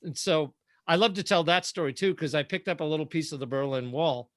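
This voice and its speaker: A man speaking as a guest and keynote speaker in a casual roundtable, telling lively stories. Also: a little high, a little fast, no room sound. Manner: lively anecdotal storytelling.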